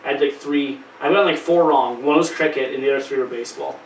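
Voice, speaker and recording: A man co-hosting a podcast, talking casually with quick asides. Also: mid-range voice, creaky. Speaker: podcast co-host. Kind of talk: casual chat. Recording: roomy, distant mic with faint noise.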